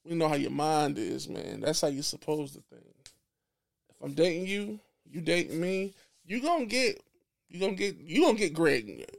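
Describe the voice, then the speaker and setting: Blunt, gravelly-voiced man sounding off. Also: a little high, sing-song, moderate pace. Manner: blunt and profane, with frequent restarts; emphatic and preachy. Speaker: podcast guest. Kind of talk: casual opinionated podcast chat.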